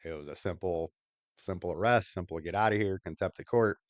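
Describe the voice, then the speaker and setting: A man's voice: low-pitched, brisk, very noisy. A man hosting a podcast, talking bluntly and crudely in casual commentary over video clips. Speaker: podcast host.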